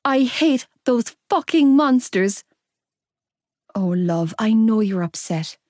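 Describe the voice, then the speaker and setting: A woman's voice: a little high, lively intonation, slow, darkish tone, no room sound. A woman voicing a heartbroken, fiercely loyal young woman close to tears in an audiobook. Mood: anguished. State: crying.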